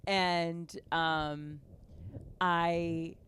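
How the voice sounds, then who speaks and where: Lowish-voiced woman podcast host. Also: extremely slow, smooth. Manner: animated storytelling, fillers. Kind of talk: casual podcast conversation.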